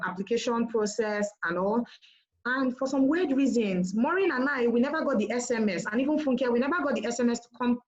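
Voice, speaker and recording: A woman telling her business story in a lively storytelling manner, often acting out what others said in a raised voice. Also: fairly high pitch. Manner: animated, quotes others in raised voice. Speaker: marketing director sharing her business story. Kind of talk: storytelling talk. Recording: dull lo-fi sound.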